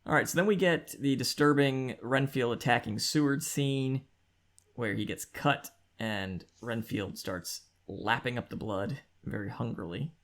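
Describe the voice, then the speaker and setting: A man's voice: mid-range voice, unhurried, a bit bright. A man co-hosting a podcast, casually walking through a novel's plot and chatting it over. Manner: easygoing, steers the discussion through the plot. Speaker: podcast co-host. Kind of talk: casual book discussion.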